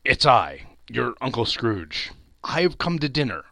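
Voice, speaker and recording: A man reading the lines of an elderly miser, with a slow, deliberate delivery. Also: medium pitch, sing-song, vocal fry, sharp tone, no echo, exaggerated voice. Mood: pleading. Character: elderly male miser, stern old employer.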